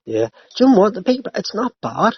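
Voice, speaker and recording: A man's voice: high-pitched, very animated, quick pace, breathy edge, dry recording. A man hosting a podcast, ranting and swearing through casual banter with a friend. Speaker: podcast host. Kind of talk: casual chat. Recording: dry, slightly muffled lo-fi.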